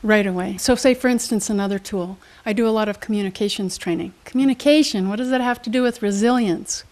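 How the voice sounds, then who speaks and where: A middle-aged woman who works as a motivational speaker and trainer explains her methods as an interview guest. Her medium-pitched voice moves fast, energetic as she teaches through plenty of examples and questions.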